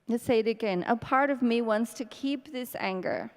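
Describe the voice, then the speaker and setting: A woman leading a guided tapping session, speaking slow scripted affirmations between deep sighs and breaths. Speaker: EFT tapping practitioner. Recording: long reverb in a hall.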